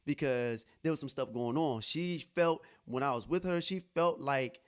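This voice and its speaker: A man hosting a podcast, telling a personal story in casual chat, animated and laughing as he acts out what others said. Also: medium pitch, normal speed, clean tone. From Texas. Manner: animated, laughing, quotes others in lively voices. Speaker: podcast host.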